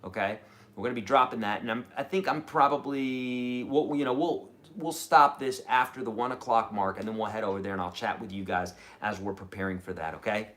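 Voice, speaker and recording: A middle-aged man teaching guitar on a live stream and answering viewers' questions. He talks in an animated, chatty way and keeps checking in with "okay?". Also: lowish voice, brisk.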